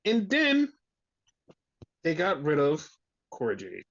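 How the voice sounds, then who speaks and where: High-voiced man ranting, cursing freely. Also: huge pitch swings, slow, fairly bright tone. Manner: profane, exasperated ranting. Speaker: podcast host. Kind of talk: casual chat. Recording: dull lo-fi audio.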